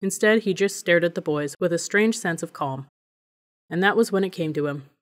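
A woman narrating an audiobook in a measured, even reading voice. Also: on the low side.

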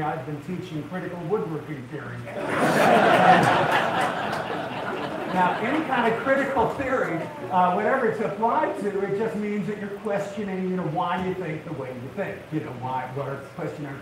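An older man telling funny stories as a woodworking TV host to a live audience, a folksy storyteller who gets worked up. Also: high voice. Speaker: woodworking TV host giving a talk. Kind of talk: humorous live talk to an audience. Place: large event hall, live audience. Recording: echoey hall, distant mic, audience noise.

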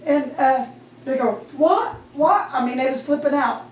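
A middle-aged woman with a Midwestern American accent gives a heartfelt personal testimony in church, her voice rising toward near-shouting as she recounts praising God. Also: high-pitched, steady tone, fairly quick. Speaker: church member giving testimony. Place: church sanctuary. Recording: echoey room, distant mic, faint noise.

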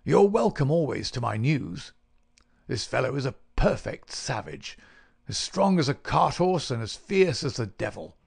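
A man's voice: medium pitch, very animated, a little slow, gravelly, slightly rough, exaggerated voice. A man voicing a shrewd, stubborn police inspector who speaks in guarded, sly replies.

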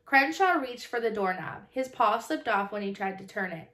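A woman reading a children's novel aloud in calm, even first-person storybook narration. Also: medium pitch, normal speed. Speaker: audiobook narrator. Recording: roomy echo.

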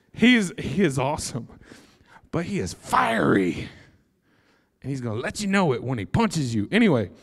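A young man preaching a sermon, animated and joking, breaking into excited shouts. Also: on the high side, measured pace, gravelly, pauses often, breathy edge. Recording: long hall reverb.

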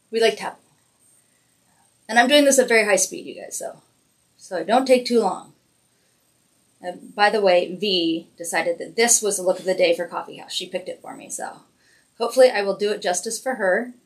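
A woman hosting a casual weekly livestream makeup tutorial, chatty and encouraging as she narrates each step. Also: medium pitch. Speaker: makeup brand host doing a weekly live demo.

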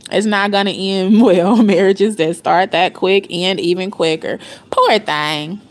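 A woman's voice: medium pitch, measured pace. A woman giving casual reaction commentary, blunt and profane, laughing often as she gossips. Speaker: reaction vlogger.

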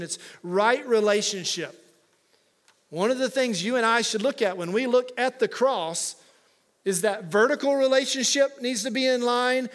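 A man's voice: sits high, fairly bright tone. A male pastor preaching a conversational sermon with humorous asides to his congregation. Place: church sanctuary.

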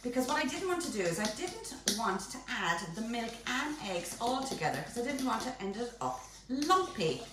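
A woman's voice: on the high side, big pitch swings, fairly quick, very echoey, background noise. A woman hosting a live baking demonstration in her home kitchen, chatty, playful and theatrical.

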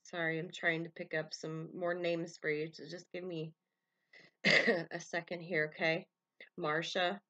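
A woman's voice: fairly low pitch, little pitch movement, a little slow, bright, forceful tone. A woman giving a collective tarot love reading to her viewers. She meanders, calls out names and initials as they come to her, and fills her speech with "you know" and "um". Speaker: tarot reader.

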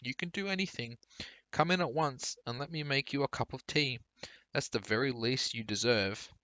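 A shrill, effusive lady neighbor, voiced by a man reading a storybook, pitched well above his own voice. Her tone is bright and ringing. The sound is close and dry. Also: expressive, moderate pace, no room sound. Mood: gushing. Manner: gushing and effusive. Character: excited, gushing middle-aged woman neighbor.

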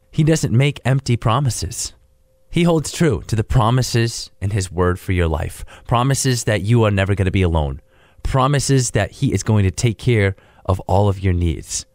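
A man's voice: fairly low pitch, darkish tone, dry recording, studio quality. Earnest man hosting a devotional podcast. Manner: earnest and encouraging, speaks straight to the listener. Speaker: podcast host. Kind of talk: devotional talk.

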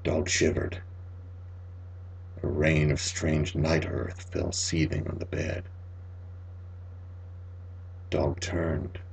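A man reading a spooky short story aloud, dramatic, dropping to near-whispers and rising to loud cries. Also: extremely low pitch, level tone, extremely slow, creaky, long pauses, slightly rough, poor audio. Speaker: audiobook reader.

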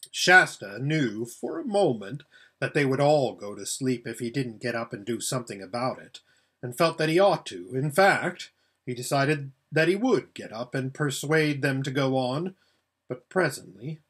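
Expressive male audiobook narrator, husky. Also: mid-range voice, moderate pace. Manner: expressive storytelling. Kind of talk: audiobook reading.

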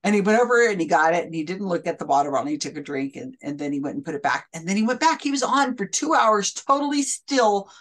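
Woman host chatting casually, animated storyteller, mid-pitched voice. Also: fast talker, hardly any pauses. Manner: animated storytelling, acts out quotes. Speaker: podcast host. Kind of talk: casual chat.

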